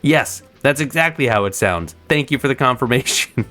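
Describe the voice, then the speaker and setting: A let's-play host giving casual gameplay commentary with chatty, excitable asides. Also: mid-range voice, normal speed, soft background music.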